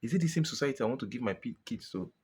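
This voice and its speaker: A man's voice: mid-range voice, animated, rapid-fire, a little mellow, slightly rough. A Nigerian man venting in a frustrated personal monologue to his viewers, exasperated and pleading, often repeating himself. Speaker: vlogger.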